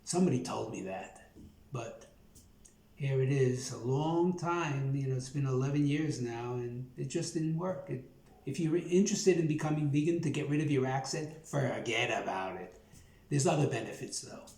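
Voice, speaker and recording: A man's voice: medium pitch, normal speed, a little mellow. A man in his seventies with a Brooklyn accent, telling his life story in a rambling, folksy way, full of fillers. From Brooklyn, New York. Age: 70s. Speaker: YouTube host. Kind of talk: personal storytelling. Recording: roomy echo.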